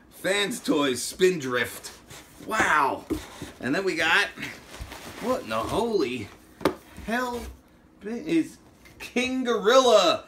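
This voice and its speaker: A man hosting an unboxing vlog, exclaiming loudly over fan mail and swinging between shouts and muttered asides. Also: high-pitched, very animated, unhurried, slight background noise.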